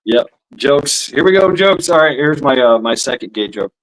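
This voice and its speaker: A man's voice: medium pitch, lively intonation, normal speed, crowd noise, rough recording. A man hosting a live stream, telling crude jokes in a loose, profane way and laughing at his own punchlines. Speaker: streamer host.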